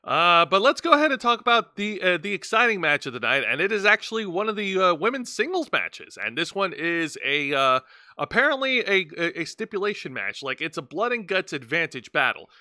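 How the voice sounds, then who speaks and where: A man's voice: high-pitched, sing-song, fairly quick, sharp tone, no room sound, clean studio sound. A man hosting a casual wrestling review chat, explaining events and often stumbling into restarts. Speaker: podcast host.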